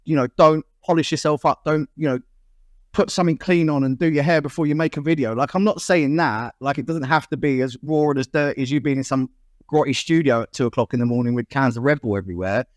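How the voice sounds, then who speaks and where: Fast-talking man, casual chat. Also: mid-range voice, dry recording. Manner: animated, chatty and frank. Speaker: podcast guest, MC and vocalist.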